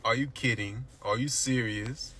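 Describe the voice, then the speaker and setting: A man's voice: mid-range voice, fairly even intonation, a little slow, bright, forceful tone, roomy sound. A man chatting casually and with amusement, laughing at himself as he tries out phrases. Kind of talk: casual chat.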